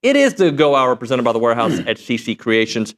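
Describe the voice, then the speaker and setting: Male sports show host, mid-pitched, chatty and loose. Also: big pitch swings, quick pace, fairly bright tone. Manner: chatty, rambling with fillers. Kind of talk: casual sports talk.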